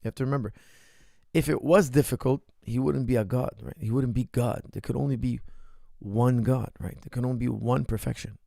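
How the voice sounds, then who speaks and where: A man's voice: mid-range voice, steady tone, brisk, gravelly, warm tone, dry recording, studio quality. A middle-aged man, a martial arts coach, answering viewer questions on a livestream in an emphatic way that keeps checking in with "right?" and "okay?".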